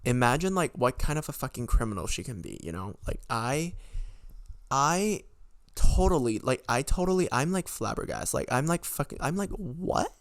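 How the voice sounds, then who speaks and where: A man's voice: mid-range voice, big pitch swings, normal speed, dry recording, clean studio sound. Exasperated young man ranting with endless fillers. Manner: rambling, heavy filler words, frequent swearing; exasperated, incredulous. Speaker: podcast host. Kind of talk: casual storytime rant.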